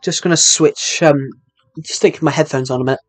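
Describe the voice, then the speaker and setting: A young man from Britain with a thick regional British accent, chatting casually on a live stream and rambling quickly with many restarts. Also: a little high, fairly even intonation, dry recording, soft background music.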